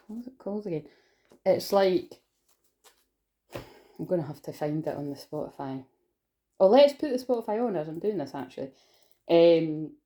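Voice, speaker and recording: A woman talks her way through a tarot reading in a loose, chatty ramble that is full of swearing. Her voice sits low and sounds mellow and dark. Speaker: tarot reader. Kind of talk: casual tarot reading to camera.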